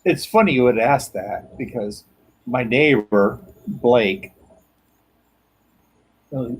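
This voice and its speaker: A man's voice: mid-range voice, slow, husky, poor audio. A middle-aged man in casual chat, rambling through profane stories with lots of laughter.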